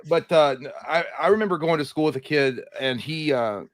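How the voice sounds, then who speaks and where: A man co-hosting a casual live stream, telling stories in an animated, heavily profane way. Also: fairly high pitch, no room sound. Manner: rapid, profane, animated storytelling. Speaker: co-host.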